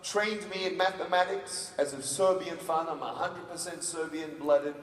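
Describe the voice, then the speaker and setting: A man giving an animated motivational stage speech in a large convention hall, acting out the dialogue in his stories. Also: a little high, moderate pace, far from the mic, heavy background noise. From Australia. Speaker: motivational speaker. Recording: echoey hall from afar.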